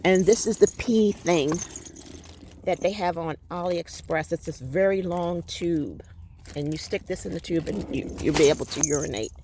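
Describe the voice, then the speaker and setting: A woman's voice: fairly low pitch, normal speed, dark tone. Crackly-voiced tired woman vlogging. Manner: rambling and chatty. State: tired, ready for bed. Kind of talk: casual vlog chat. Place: in her parked car by the water.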